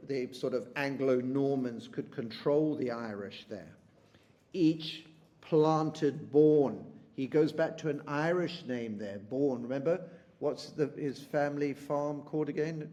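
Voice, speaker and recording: A man teaching a poetry lesson. He talks to his students and keeps asking "isn't it?", and he reads the quoted lines slowly. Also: medium pitch, mellow. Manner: rhetorical tag questions.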